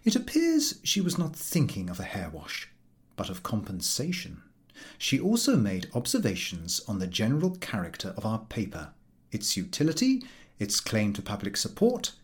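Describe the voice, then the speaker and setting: A man reading a humorous novel aloud as an audiobook, with a wry and expressive delivery. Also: fairly low pitch, normal speed. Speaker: audiobook reader.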